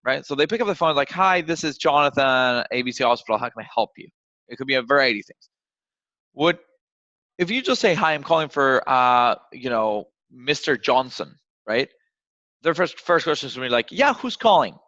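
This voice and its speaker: A man coaching on cold calling over a video call, often acting out phone exchanges in a raised, lively voice. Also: mid-range voice, brisk, dry recording. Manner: acts out phone calls in a raised voice. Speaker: sales trainer. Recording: dull, dry video call audio.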